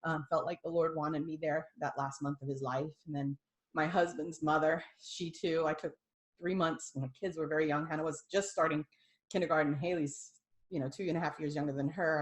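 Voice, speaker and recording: A middle-aged woman, a former nurse, tells an emotional personal story. She laughs through tears and quotes the people in it as dialogue. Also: sits low. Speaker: guest sharing a personal testimony.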